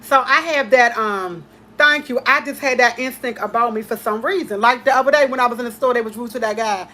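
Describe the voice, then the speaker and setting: A woman hosting a casual chat, talking in an emphatic, repetitive way with heartfelt excitement. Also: a little high, a little fast. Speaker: host.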